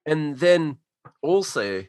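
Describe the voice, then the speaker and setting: A man's voice: on the high side, very animated, slow, darkish tone, dry recording. An American man in casual conversation, telling a long story with plenty of likes and you-knows. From United States. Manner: rambling with many fillers and restarts. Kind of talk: casual chat.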